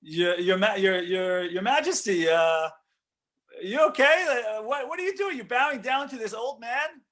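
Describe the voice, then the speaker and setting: A man's voice: high voice, lively intonation, normal speed, fairly bright tone, pitched above the performer's own voice. A man playing a nervous army officer who stammers in bewilderment. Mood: baffled. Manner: stammering, baffled.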